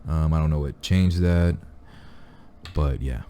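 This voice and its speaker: A man's voice: extremely low pitch, unhurried, dark tone, slight background noise. A young man hosting a reaction video, talking in a rambling casual way with lots of fillers and restarts. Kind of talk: casual chat.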